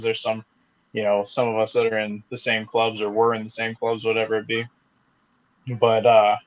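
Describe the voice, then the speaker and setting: A man's voice: mid-range voice, muffled recording. A man co-hosting a podcast, chatting casually and rambling, swearing freely and saying "like" a lot. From American South. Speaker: podcast co-host. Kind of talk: casual chat.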